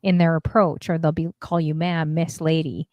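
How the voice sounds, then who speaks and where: A woman co-hosting a casual dating talk stream, chatting and telling stories in an animated way. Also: deep voice, moderate pace, no echo, muffled recording. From half Indian. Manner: chatty, animated storytelling with laughs. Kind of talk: casual chat.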